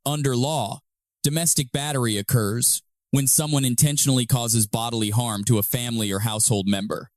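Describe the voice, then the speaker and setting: A man reading a formal scripted narration about a police case in an even tone. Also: mid-range voice, a little fast, no echo, clean studio sound.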